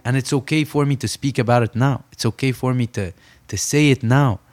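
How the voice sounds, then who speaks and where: A young man, a professional boxer, telling an intense story in a conversational interview and slowing down to stress his key points. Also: mid-range voice, a little mellow. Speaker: professional boxer, podcast guest.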